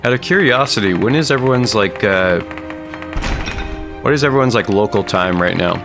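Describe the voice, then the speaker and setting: Speaking at a moderate pace in a lowish, animated voice, this man chats with viewers and rambles casually as he streams a game. It's relaxed gaming commentary over background game music.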